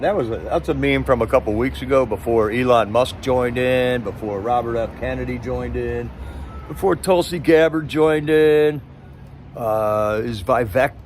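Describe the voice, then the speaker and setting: A man's voice: medium pitch, moderate pace, a little hiss or hum. A man hosting a live stream, chatting casually in a rambling, sarcastic way with many restarts.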